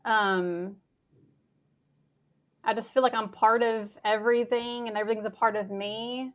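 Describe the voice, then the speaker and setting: A woman's voice: a little high, fairly even intonation, unhurried, highs cut off. A woman talking about her inner life in a casual interview, hesitant and often laughing as she searches for words. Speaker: guest. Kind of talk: casual conversation.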